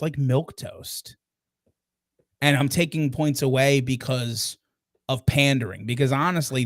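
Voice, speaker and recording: Mid-pitched man, hesitant podcast co-host. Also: no echo, clean studio sound. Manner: deliberate, hesitant, restarts often. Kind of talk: casual review chat. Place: live podcast recording.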